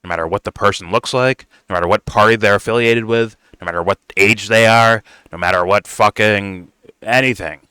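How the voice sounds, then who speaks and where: A man's voice: on the low side, steady tone, fairly quick, bright, forceful tone, clear, resonant tone, dry recording. Heated, foul-mouthed man ranting with force. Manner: blunt, heated, swears constantly, says "bro". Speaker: political commentator reacting to a video. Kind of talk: profane reaction rant.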